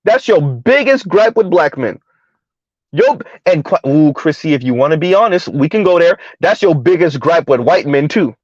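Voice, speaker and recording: A man giving a heated, emphatic commentary rant on his vlog, repeating his points loudly. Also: a little high, very animated, moderate pace, dry recording, dull audio. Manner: loud, emphatic, repeats points, laughs at times. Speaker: commentary vlogger.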